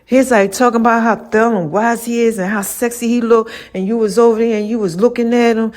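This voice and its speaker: A woman's voice: a little high, steady tone, fairly quick, darkish tone. Woman podcast host, slangy casual monologue, laughs a lot. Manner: laughs often, slangy and playful, voices quoted talk.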